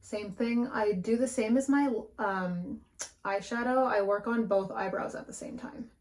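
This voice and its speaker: A young beauty vlogger walks through her makeup routine at a home mirror, frank and chatty, casually dropping swear words. Her medium-pitched, darkish voice is unhurried, and the camera mic catches her somewhat heavy breathing.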